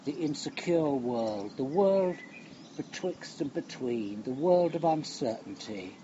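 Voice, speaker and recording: Older guy giving a sermon, bit high voice, unhurried, quiet trailing endings. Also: animated. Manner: slow, reflective, with long pauses and hushed endings. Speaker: preacher. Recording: dull lo-fi recording with faint outdoor noise.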